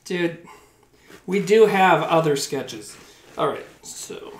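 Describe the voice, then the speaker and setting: Speaking a little slowly in an animated voice on the high side, a man chats with his viewers while cooking on a live stream at home. He rambles and swears every so often, and the roomy kitchen adds faint background noise.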